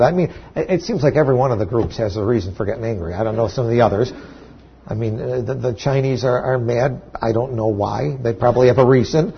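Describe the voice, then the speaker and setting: A man's voice: mid-range voice, fast talker, husky, lo-fi sound. A man preaching a sermon to his church, talking in a conversational way with restarts and sudden emphatic peaks. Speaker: pastor.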